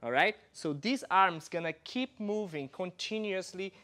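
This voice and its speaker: A man's voice: high voice, unhurried, sharp tone. A man from Brazil, a dance teacher explaining moves step by step while demonstrating. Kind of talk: instructional dance lesson.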